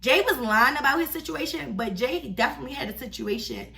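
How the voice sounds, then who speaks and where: A young woman vlogger telling a story in a casual, chatty, slangy and animated way. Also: high-pitched, fairly quick, gravelly, recorded from a distance.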